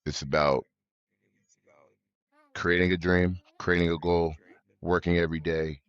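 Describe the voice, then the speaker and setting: A young American man, a college football player, talking as a guest in a remote interview, relaxed and halting, often repeating himself. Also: low-pitched, clear, resonant tone, no room sound, dull audio. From United States. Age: young adult.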